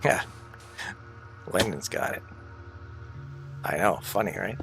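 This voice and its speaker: A man's voice: sits low, animated, takes it slowly, gravelly, music in the background. A man chatting casually on a livestream, rambling and swearing freely, sounding tired and sick.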